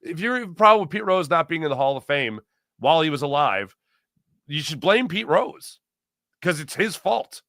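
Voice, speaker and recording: Guy hosting a sports stream, lively pitch, reads the chat, dry close mic sound. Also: no room sound. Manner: animated, reads chat aloud, quick ad reads. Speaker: sports show host. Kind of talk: casual live-stream chat.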